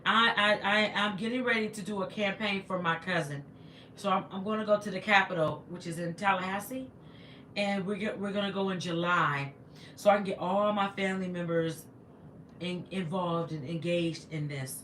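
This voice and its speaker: A woman's voice: medium pitch, moderate pace, a bit bright, roomy sound, slight background noise. A woman, a teacher, chatting casually on a livestream, greeting viewers and rambling with stumbling restarts into a laptop microphone.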